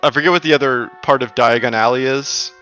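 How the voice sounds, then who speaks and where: A man narrating as game master in a tabletop game, casual and halting with many fillers. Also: mid-range voice, pushed and bright, smooth, soft background music.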